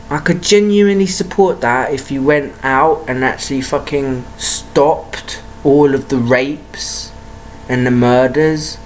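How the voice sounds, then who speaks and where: A woman's voice: extremely low pitch, slight background noise. A woman ranting to camera in a heated, profane monologue full of rhetorical questions. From United Kingdom. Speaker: vlogger.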